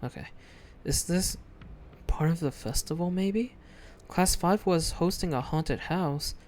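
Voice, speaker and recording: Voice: medium pitch, unhurried, darkish tone, a little hiss or hum, natural voice. A streamer reading as a frightened lost student. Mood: nervous. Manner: pleading, jittery, reading lines aloud. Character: frightened high school student lost in a haunted school. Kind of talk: reading a visual novel aloud in character.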